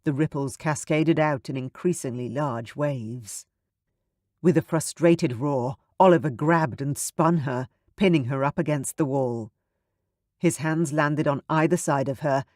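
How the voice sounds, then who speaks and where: A man narrating a romance audiobook in an even, measured way. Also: a little high, no room sound, studio quality.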